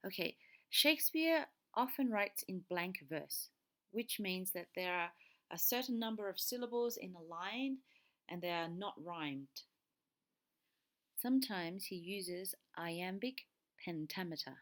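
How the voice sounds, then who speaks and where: A woman teacher talks her students through a lesson at an ordinary middle pitch. She explains patiently, one step at a time, and checks in often with a quick "okay" before moving on. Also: animated. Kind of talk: recorded classroom lesson.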